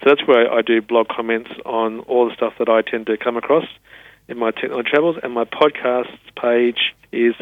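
A man, a technology specialist explaining things patiently and spelling words out slowly in an interview. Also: medium pitch, fairly even intonation, no room sound. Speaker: assistive technology specialist guest. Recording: tinny phone-line sound.

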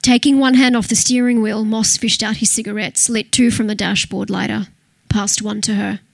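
A woman reading a crime novel aloud in steady, scripted narration. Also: mid-range voice, moderate pace, creaky, dry recording. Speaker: audiobook narrator.

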